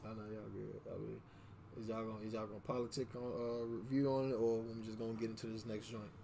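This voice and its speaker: A man's voice: on the low side, level tone, quick pace, vocal fry, dark tone, a little hiss or hum. A man hosting a music podcast in a casual, slangy, laughing way. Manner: laid-back slangy banter with laughs. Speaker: podcast host. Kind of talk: casual chat.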